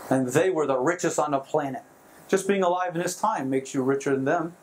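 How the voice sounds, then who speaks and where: A man with a notably high voice runs a motivational seminar for a live audience. He is excitable and keeps laughing at his own jokes. A faint noise sits under his voice. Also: a little fast, rough recording. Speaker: seminar trainer.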